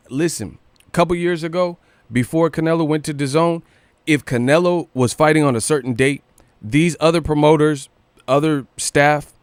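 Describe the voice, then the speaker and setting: Profane animated livestream host. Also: male voice, a little high, dry recording. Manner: animated, profane, rapid rhetorical questions. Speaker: boxing news livestream host. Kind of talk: casual livestream rant.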